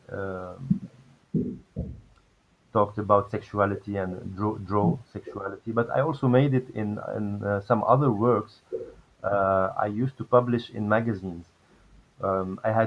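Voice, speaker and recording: A comics artist speaking as a panelist, hesitant and full of pauses and fillers. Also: male voice, fairly low pitch. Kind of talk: panel discussion answer. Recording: dull lo-fi sound.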